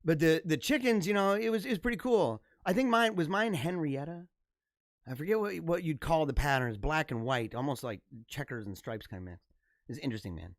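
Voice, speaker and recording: A man in his thirties hosts a live stream from his computer, talking in a loose, rambling way and laughing a lot. His voice sits a little high. The sound is dry and close, with no room around it. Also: brisk, no echo. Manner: rambling, energetic, laughs often. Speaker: livestream host. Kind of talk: casual live-stream chat.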